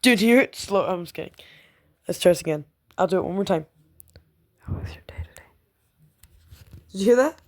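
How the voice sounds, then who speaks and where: A woman's voice: medium pitch, lively intonation, fast, darkish tone. A young woman gaming YouTuber in casual chat to camera, rambling, giggling and teasing a friend as her thoughts trail off.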